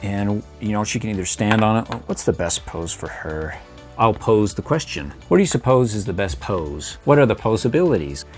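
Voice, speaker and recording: Over soft background music, a middle-aged man with a lowish, lively voice speaks at a normal pace while reviewing toys casually. Chuckling and playful, he adds small sound effects as he sets up each figure.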